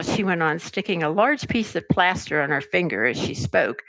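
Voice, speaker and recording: An older woman reading a children's story aloud, narrating in an expressive, measured way. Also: on the low side, dry recording. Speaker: resident reader.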